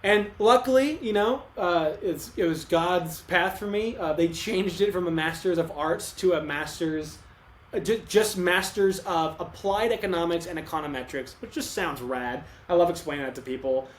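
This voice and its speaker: A man's voice: high voice, moderate pace. Rambling young man in an echoey room. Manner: rambling, restarts often, emotional retelling. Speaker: podcast co-host. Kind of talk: casual podcast conversation. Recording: echoey room, faint ambient noise.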